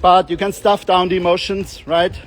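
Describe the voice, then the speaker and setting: A man's voice: high-pitched, flat delivery, normal speed. A young man talking casually as a self-development coach, rambling and joking, often acting out the voices of the people he describes. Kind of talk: casual monologue with playful voice demonstrations.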